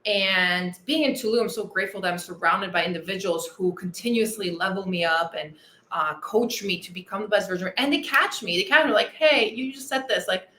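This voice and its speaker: A woman's voice: mid-range voice, a little fast, sharp tone, echoey room, a little hiss or hum. A woman weight-loss coach hosting a motivational podcast monologue, enthusiastic and earnest, repeating her key phrases.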